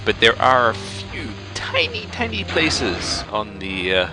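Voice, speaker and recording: A man commentating a strategy game he is playing, breaking from calm explanation into exasperated, swearing outbursts. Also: mid-range voice, slow pace. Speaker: let's play commentator. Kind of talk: gameplay commentary. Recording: game music behind voice.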